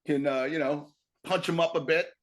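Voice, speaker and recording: A man co-hosting a comedy podcast, chatting casually and backing up ideas with quick agreements. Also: fairly high pitch, fairly even intonation. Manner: supportive, quick agreeing backchannels. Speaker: co-host.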